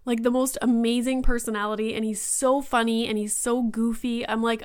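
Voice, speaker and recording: A woman's voice: fairly high pitch, flat delivery, normal speed, hardly any pauses, darkish tone, smooth. A woman in her thirties hosting her own podcast, talking alone in a rambling, think-aloud way full of fillers. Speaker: podcast host. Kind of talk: casual solo monologue.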